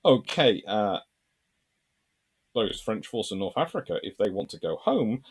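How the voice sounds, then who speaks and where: Rambling man, low voice. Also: sing-song, measured pace, breathy edge. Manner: rambling, restarts, thinks aloud. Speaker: history channel host answering comments. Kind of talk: casual commentary reading viewer comments.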